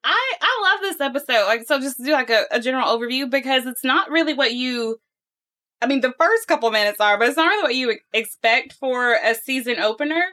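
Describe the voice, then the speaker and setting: A woman with a bright, slightly high voice, chatting easily as a podcast co-host. She laughs a lot and talks through her thoughts as she goes. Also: animated, fairly quick. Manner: chatty, laughs often, some fillers. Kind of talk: casual chat.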